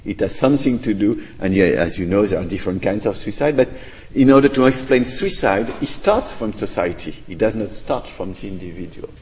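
A man's voice: on the low side, animated, brisk, hardly any pauses, a little mellow. A man answers an audience question in academic English, thoughtful and hesitant, hedging and restarting as he goes. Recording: echoey lecture hall.

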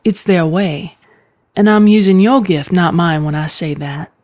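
A woman's voice: lowish voice, unhurried, darkish tone, dry recording, natural voice. A woman voicing an anxious witch mother who speaks tartly and dryly. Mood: dry, tender. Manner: tart, dry remarks.

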